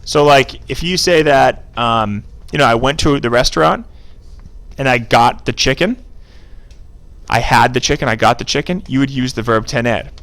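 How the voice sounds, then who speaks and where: Brief: male teacher, mid-pitched, recorded in a classroom, loose and conversational as he quizzes the class. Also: normal speed, a bit bright. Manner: chatty, informal, prompts students to call out answers. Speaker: Spanish teacher. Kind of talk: casual classroom screencast lesson. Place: classroom with students present.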